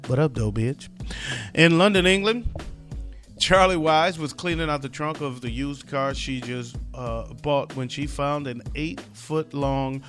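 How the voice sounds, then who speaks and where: A man's voice: on the high side, unhurried, a bit bright, soft background music. A man hosting a comedic news talk show, reading odd stories with loose, profane wisecracks. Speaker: podcast host.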